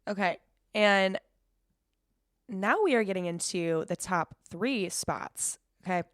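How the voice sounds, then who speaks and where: A woman's voice: mid-range voice, background noise. A young woman hosting a casual solo podcast, rambling, swearing freely and laughing as she talks. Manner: rambling, cursing, quick laughs. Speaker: podcast host.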